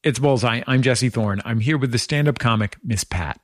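A man hosting a radio interview, asking relaxed, curious questions. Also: mid-range voice, normal speed, no room sound, clean studio sound. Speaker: interview host.

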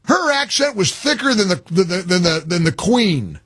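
A man's voice: sits high, very animated, normal speed, a bit bright, husky, no echo. A man hosting a call-in talk radio show, delivering an emphatic monologue and repeating phrases as he builds his point. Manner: emphatic, repeats himself when worked up.

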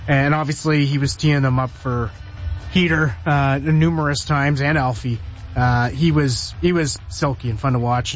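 A man's voice: medium pitch, highs cut off. A man co-hosting a casual hockey chat, enthusiastic and repeating words as he starts. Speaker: co-host asking questions.

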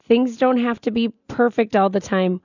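A woman co-hosting a casual talk show, telling everyday stories in a chatty, animated way. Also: fairly high pitch, normal speed, dry recording, muffled recording. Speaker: radio co-host. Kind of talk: casual on-air chat.

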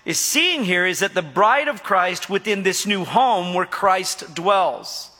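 A man's voice: high-pitched, bright, forceful tone. A middle-aged man preaching a sermon as pastor, joking with the congregation and drawing out their replies. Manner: jokey, asks the congregation for responses. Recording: echoey hall.

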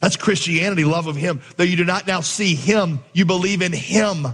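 A man delivers a sermon in a slightly high, husky voice, spinning a lively story and acting out each character. His voice rings through a large hall with a long reverb tail. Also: moderate pace. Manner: animated storyteller, acts out voices with big pitch jumps. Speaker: pastor.

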